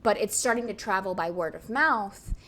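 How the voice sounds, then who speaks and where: A woman's voice: medium pitch, moderate pace. Chatty young woman telling a story. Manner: animated, laughs often, many fillers. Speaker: podcast co-host. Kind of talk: casual storytelling chat.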